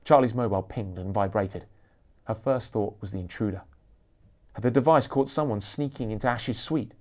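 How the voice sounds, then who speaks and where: Expressive man reading a thriller. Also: on the low side, moderate pace. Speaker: author reading his book.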